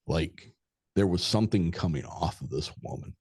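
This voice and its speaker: Middle-aged man, very low voice, dry close sound, rambling and profane storyteller. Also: animated, moderate pace, a little mellow, husky, no echo. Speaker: podcast guest. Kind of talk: casual storytelling.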